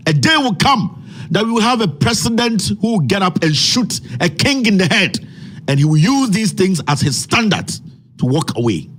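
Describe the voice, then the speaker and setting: Ghanaian male host, angry rant, rhetorical questions, raspy voice, high pitch. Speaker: commentary host. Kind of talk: impassioned social media commentary.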